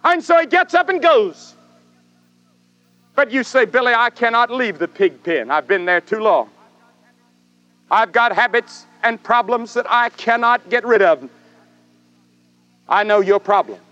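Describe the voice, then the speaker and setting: An older man preaching a sermon dramatically, with swelling repetitions and long pauses. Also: very high voice, animated, pushed and bright, muffled recording. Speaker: evangelist preacher.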